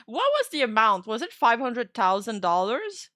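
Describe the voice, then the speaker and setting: A woman streamer chatting through casual reaction commentary, giggly and chatty. Her voice is bright and sits a little high, recorded close and dry. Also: big pitch swings, normal speed, dry recording.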